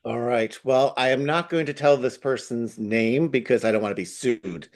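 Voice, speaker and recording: A man with a Long Island accent tells a story as a guest, animated and acting out the people in it. His voice sits at a plain middle pitch, and he talks casually and openly. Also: normal speed.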